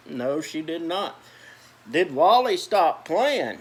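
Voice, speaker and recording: Animated man reading a picture book. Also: a little high, unhurried. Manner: animated, chatty asides about the pictures. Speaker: storyteller.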